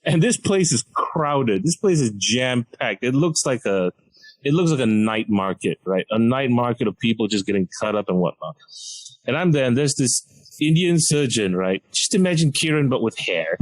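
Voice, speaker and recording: Guy spinning a funny story on a podcast, lively, laughs as he talks, mid-pitched voice. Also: moderate pace, no room sound, low-quality recording. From Malaysia. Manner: animated, laughs mid-sentence, self-mocking. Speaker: podcast guest, comedian. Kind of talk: comedic storytelling.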